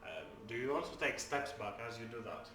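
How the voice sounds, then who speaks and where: A man running a tabletop game as dungeon master, with many pauses and fillers. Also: mid-range voice, expressive, pushed and bright, echoey room, faint music behind.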